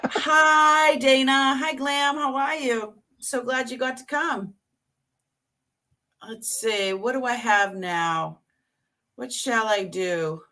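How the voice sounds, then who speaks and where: A woman presents vintage items on a live selling stream, chatty and detailed. She talks slowly in a somewhat high voice. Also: pushed and bright.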